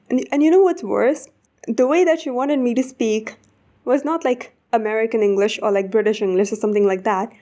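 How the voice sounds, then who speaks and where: A woman with an Indian accent telling a casual storytime, animated and swearing often. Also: a little high, normal speed. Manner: animated, swears often, rising to indignant outbursts. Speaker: vlogger.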